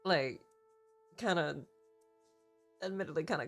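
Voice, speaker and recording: A woman's voice: on the low side, a little slow, pauses often, fairly bright tone, soft background music. A woman streamer chatting casually, rambling through a story, swearing freely and laughing often. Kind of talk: casual chat.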